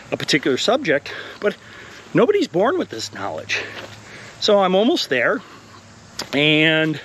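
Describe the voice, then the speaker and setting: A man's voice: fairly high pitch, fairly bright tone. Male college instructor, walking vlog, a bit out of breath, earnest and encouraging, faint outdoor noise. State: a little out of breath. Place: outdoor wooded path.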